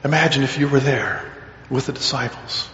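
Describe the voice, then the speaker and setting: A man's voice: moderate pace, a bit bright, slight background noise. A man preaching a sermon in an earnest, questioning way. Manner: earnest, questioning, rises in pitch on read-out quotes. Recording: echoey hall, dull lo-fi sound.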